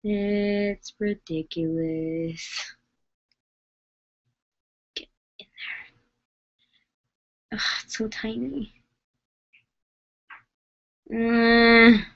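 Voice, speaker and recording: A woman's voice: mid-range voice, level tone, drawn-out words, pauses often. Chatty woman rambling with lo-fi sound. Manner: rambling, chatty, many fillers. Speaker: doll collector vlogger. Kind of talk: casual chat while working.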